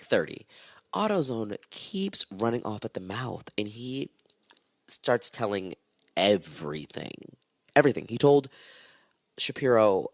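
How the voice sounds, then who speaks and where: A man's voice: sits low, dry recording. A man hosting a podcast, retelling a true-crime story in casual chat, irreverent and swearing freely as he acts out the quotes. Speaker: podcast host.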